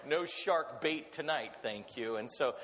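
Man preaching in church hall, lively story, reverb tail. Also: medium pitch, measured pace. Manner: animated storytelling with laughs. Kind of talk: sermon with personal story.

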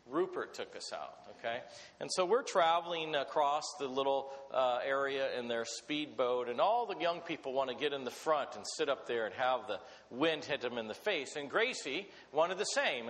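A middle-aged man preaching a sermon, telling a personal story in an animated way. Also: mid-range voice, moderate pace. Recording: long hall reverb.

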